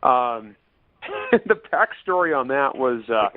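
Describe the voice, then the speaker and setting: A man's voice: mid-range voice, huge pitch swings, slow. A man talking as an author guest in a casual interview, chatty and laughing often, with many fillers and restarts. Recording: tinny phone-line sound, dry.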